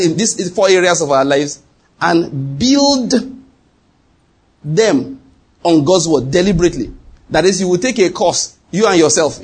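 A middle-aged male pastor delivers a sermon in a slightly husky, fairly high voice. He keeps asking whether the congregation is following him. When he leans into a point, he rises sharply in pitch. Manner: rhetorical questions to the congregation, rising pitch when emphatic.

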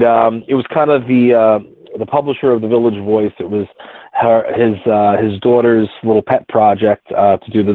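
Guest, man, 40s, low-ish voice, halting and rambling, thin phone-line sound. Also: no echo. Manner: rambling, halting, many restarts. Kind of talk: casual storytelling. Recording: tinny phone-like line, dry.

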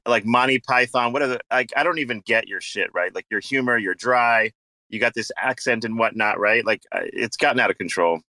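A man's voice: mid-range voice, brisk, sharp tone, no room sound. A man chatting casually in an online audio chat, rambling and profane, full of fillers.

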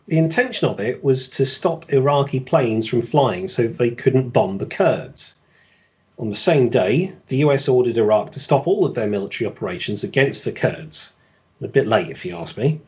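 A man delivers scripted history narration in a lively, swooping voice, peppering it with dry, sarcastic remarks. The recording sounds muffled and lo-fi. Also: mid-range voice, moderate pace. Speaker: podcast host.

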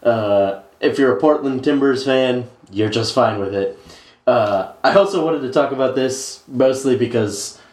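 A man co-hosting a sports podcast in easygoing, rambling chat, full of hesitant fillers. His voice sits at an everyday middle pitch. The recording has a noticeable roomy echo. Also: unhurried, a little mellow. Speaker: podcast co-host.

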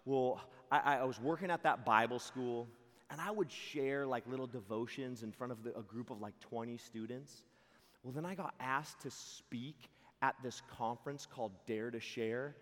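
A young man speaking as a camp preacher, telling stories with lively quoted voices and frequent laughter. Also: mid-range voice, moderate pace. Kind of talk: youth camp sermon. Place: large hall before a live audience. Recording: hall reverb.

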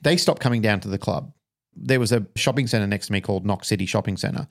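A man's voice: fairly low pitch, fast talker, creaky. A man, a dog trainer co-hosting a podcast, telling a story frankly and emotionally, with some swearing.

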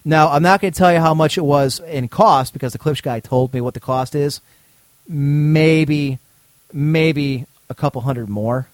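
Animated storytelling man, higher voice. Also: brisk, no echo. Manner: animated, acts out both sides of dialogue, swears freely. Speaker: podcast co-host. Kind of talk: casual storytelling chat.

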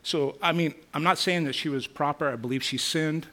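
A man's voice: a little high, brisk, a bit bright. A man teaching a Bible lesson, earnest and musing, reading scripture aloud and reflecting on it. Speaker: preacher.

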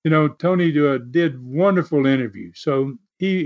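A man's voice: a little high, moderate pace, few pauses. An older man hosting a podcast, telling stories in a rambling way with many fillers and restarts. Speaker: podcast host and former wrestling promoter. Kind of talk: casual storytelling. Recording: dull lo-fi audio.

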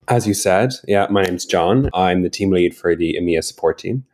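A man, a podcast guest who talks about his work in a relaxed, conversational way. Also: sits low, normal speed. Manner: relaxed, conversational, some restarts. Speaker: support team lead, guest. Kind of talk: casual interview chat.

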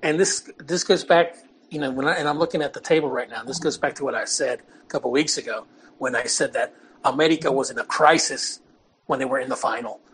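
A man's voice: mid-range voice, a little fast, a bit bright, rough recording. A man co-hosting a soccer podcast, talking casually with lots of fillers and laughs. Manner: rambling, laughs often, many fillers. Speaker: podcast co-host. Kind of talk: casual sports chat.

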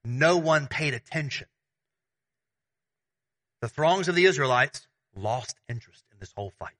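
A man preaching a sermon as pastor, conversational and animated, with everyday analogies. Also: fairly high pitch, moderate pace.

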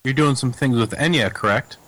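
A man's voice: medium pitch, a little fast, a bit bright, slight background noise. A man reading a station promo in a hyped manner. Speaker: promo announcer.

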